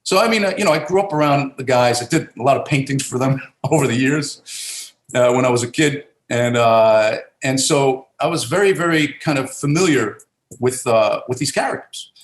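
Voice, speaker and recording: A man's voice: mid-range voice, normal speed, roomy sound. A middle-aged man from Italy, raised in New Jersey, talking casually as an actor guest, rambling with many fillers and restarts. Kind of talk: casual interview talk.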